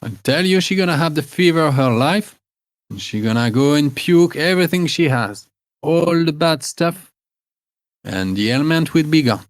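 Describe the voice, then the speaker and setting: A man voicing a bossy, shrewd old woman healer in a tabletop game, speaking high and fussy with many hesitations. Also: animated, normal speed, dry recording, lightly acted. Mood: advising.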